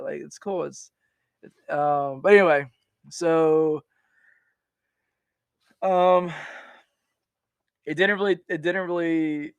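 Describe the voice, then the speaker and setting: A man's voice: on the high side, unhurried, vocal fry, long pauses, no echo. A man in his forties, a veteran guest on a podcast, telling his story in a rambling, casual way with many restarts and fillers.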